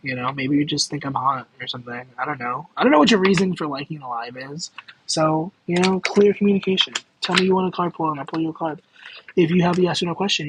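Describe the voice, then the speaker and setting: A man's voice: fairly high pitch, noisy background. Giggly, rambling man reading cards on a livestream. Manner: rambling and self-interrupting, with many fillers and giggles. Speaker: tarot card reader streaming live. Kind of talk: casual livestream chat with viewers.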